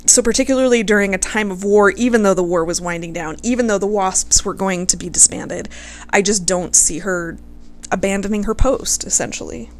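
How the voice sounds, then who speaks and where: A woman's voice: mid-range voice, a little fast. A woman casually telling a history story to her viewers, gushing over her subject, swearing freely and close to tears.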